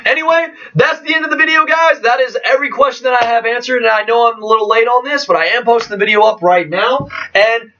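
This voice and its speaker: A man answering viewer questions in a casual vlog, excitable and jokey, trailing off and restarting. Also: extremely high pitch, fast talker, hardly any pauses, slight background noise. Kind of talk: casual chat. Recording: distant, dull lo-fi mic.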